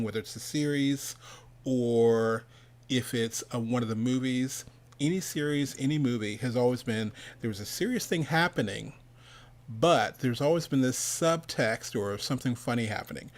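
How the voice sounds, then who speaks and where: A middle-aged man spins a loose, casual story as the host of an online event, interrupting himself constantly and breaking into chuckles. He acts out the people in it with quick shifts of voice. His pitch sits in an ordinary middle range. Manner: rambling, self-interrupting, laughs often, quotes people in changing voices. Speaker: host of an online animation summit.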